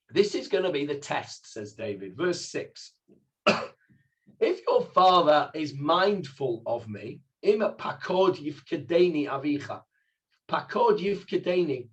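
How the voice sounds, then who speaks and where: A middle-aged man leads an informal Bible class as its rabbi. His voice sits a little high for a man, and he works through the text word by word, turning to the class with questions. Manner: explains Hebrew words step by step, asks the class questions.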